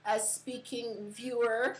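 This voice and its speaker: A woman's voice: fairly high pitch, little pitch movement, slow, low-quality recording. A woman hosting a casual crypto live stream from her computer, chatty with many fillers and giggles.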